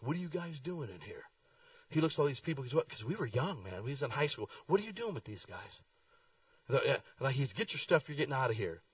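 A middle-aged man preaching a sermon, telling folksy stories with lively swings in his voice. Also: mid-range voice, dry recording, recorded from a distance, low-quality recording. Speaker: pastor. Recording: dry sound, speaker away from the mic.

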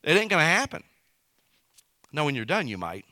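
A man preaching in a lively, swooping voice that jumps up and drops down through a folksy, conversational sermon. His tone is bright and ringing, a little higher than most men's. The sound is close and dry. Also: a little fast, dry recording. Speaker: pastor.

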